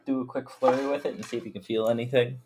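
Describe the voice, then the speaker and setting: A man's voice: mid-range voice, steady tone, rapid-fire, over a noisy crowd. A man playing a tabletop game, speaking hesitantly and repeating himself. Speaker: player.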